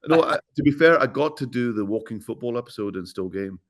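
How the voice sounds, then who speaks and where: A man's voice: mid-range voice, lively intonation, quick pace. A middle-aged man with a Glaswegian Scottish accent, a guest actor chatting in an interview in a playful, joking way. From Scotland. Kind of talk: casual interview chat.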